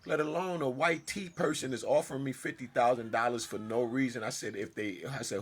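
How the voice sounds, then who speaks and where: A man telling a personal story in a casual monologue, emphatic and swinging from loud outbursts to hushed asides. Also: mid-range voice, brisk, hardly any pauses, slightly rough. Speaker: storyteller vlogger.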